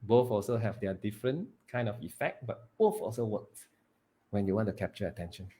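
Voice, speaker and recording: A man, training students in public speaking, who swings between loud emphasis and hushed delivery and stretches words for effect. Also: fairly low pitch, lively intonation, a little fast. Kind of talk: live training talk.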